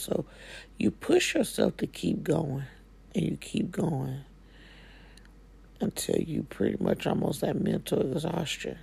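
Slow gravelly woman, casual spiritual talk. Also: deep voice, wildly swooping pitch, darkish tone. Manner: folksy, drawling, slangy Southern-style speech. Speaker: spiritual coach. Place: living room at home.

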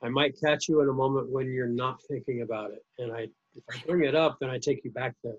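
A man with a husky, breathy voice hosts an interview. He asks searching questions, thinks aloud and restarts his sentences. The recording sounds dull and lo-fi. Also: medium pitch, fairly even intonation, quick pace. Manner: warm-hearted probing, thinks aloud, restarts. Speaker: podcast host, interviewer. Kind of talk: interview conversation.

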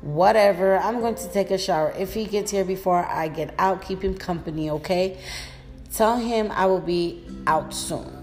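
A woman's voice: on the low side, normal speed, darkish tone, in a large hall, faint music behind, natural voice. A woman voicing a shy, nervous young woman before her first date in a read-aloud story. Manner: hesitant and anxious.

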